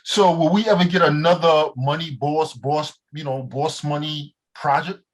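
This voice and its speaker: A man hosting a casual interview who asks brief questions and keeps up a steady backchannel. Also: on the high side, normal speed. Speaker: podcast host.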